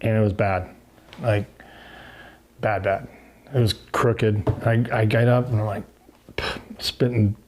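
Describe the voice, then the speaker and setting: A man's voice: lowish voice, takes it slowly, pauses often, a little hiss or hum. A middle-aged man, a former racer, telling stories casually in an interview and acting out what people said. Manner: animated, acts out quotes. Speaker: guest, former motocross racer.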